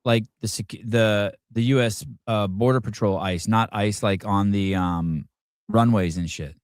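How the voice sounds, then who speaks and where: A man hosting a casual interview, asking questions in a halting way with frequent restarts and "um"s. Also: on the low side, clean tone. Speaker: podcast host.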